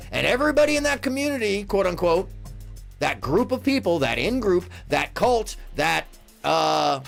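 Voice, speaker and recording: A man's voice: sits high, normal speed, gravelly, faint music behind. A man hosting a live call-in stream, talking casually in a rambling, jokey way. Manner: animated, rambling, jokey, swearing. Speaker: live call-in show host.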